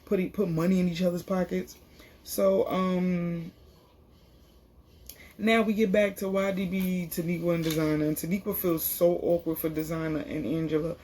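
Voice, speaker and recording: A woman's voice: fairly low pitch, level tone, normal speed, warm tone, a little hiss or hum. A woman casually recapping a reality TV episode in a chatty, slangy way, full of fillers. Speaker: TV show reviewer.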